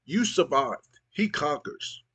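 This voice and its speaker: A smug manager talks down to a wrestler, as a man reads him out. The voice rises well above the reader's own pitch but stays plain and unpolished. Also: expressive, slow pace, pushed and bright, slightly rough, full character voice. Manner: condescending.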